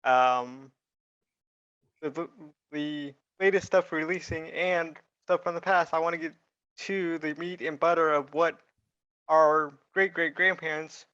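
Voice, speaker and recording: A smooth, fairly high male voice in casual reaction chat, earnest and a bit rambling. The sound is dull and muffled. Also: steady tone, a little slow, bright, forceful tone. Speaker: movie reaction co-host.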